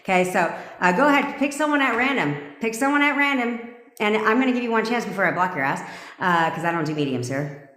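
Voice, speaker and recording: A woman's voice: mid-range voice, expressive, quick pace, a bit bright. A woman manifestation coach on a live stream, talking in a brash, profane, commanding way and reading out viewers' comments as she goes. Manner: reads live comments aloud. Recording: echoey room with long reverb.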